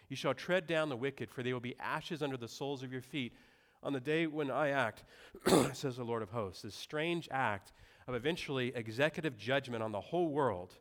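A young adult man preaching a sermon in a conversational way, with asides and rhetorical questions. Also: mid-range voice. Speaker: pastor.

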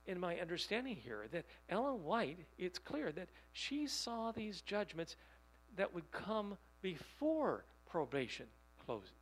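A man preaching a sermon, reading quotations slowly and putting rhetorical questions to his listeners. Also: high-pitched, rough recording. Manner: emphatic, rhetorical questions to the audience; reads quotations aloud slowly.

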